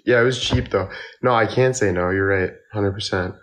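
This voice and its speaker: A young man chatting casually on a phone livestream, tired and tipsy from drinking, rambling slowly with lots of fillers. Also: on the low side, a bit bright. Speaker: model and livestreamer.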